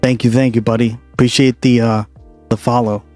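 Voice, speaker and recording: A man from Boston hosting a casual reaction stream, talking fast and loosely, swearing and laughing often. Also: medium pitch, faint music behind. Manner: profane, animated, laughs a lot.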